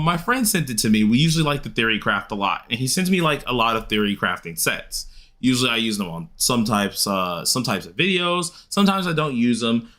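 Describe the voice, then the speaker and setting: A young adult man chatting casually and rambling while he streams a game, leaping into high excited yelps. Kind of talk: casual gaming stream chat.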